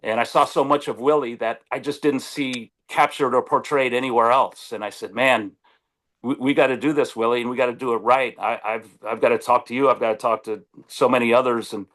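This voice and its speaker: Speaking a little fast, a man appearing as a sportswriter guest swaps stories over a video call in a middle-pitched voice. Animated and prone to restarting sentences, he voices the characters in his anecdotes.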